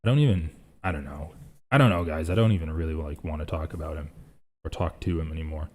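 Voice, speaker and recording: A man's voice: rumbling low, fast, darkish tone. A young man hosting a casual live reaction stream, rambling and thinking aloud as he reads chat.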